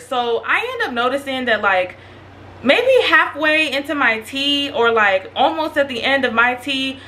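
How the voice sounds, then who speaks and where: Bright, chatty young woman telling a story. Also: high voice. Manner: chatty, animated, slangy, addresses viewers directly. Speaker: vlogger. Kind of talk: casual storytime monologue.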